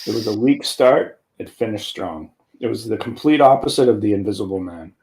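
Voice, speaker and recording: A man's voice: lowish voice, lively intonation, a little fast, a little mellow, rough recording. A young man in a casual movie chat, crude and teasing, a little tipsy. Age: young adult.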